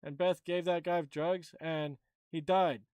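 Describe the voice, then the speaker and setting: High-voiced, blunt casual streamer man. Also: steady tone, slow, a little mellow, clear, resonant tone, no echo. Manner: offhand, blunt, rambling. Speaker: streamer host. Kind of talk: casual live-stream chat.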